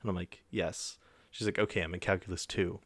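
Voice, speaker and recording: The voice is low and a little fast, with no room sound. It belongs to a young podcast co-host who casually recounts a story, bringing the quoted people to life with their voices and swearing mildly along the way.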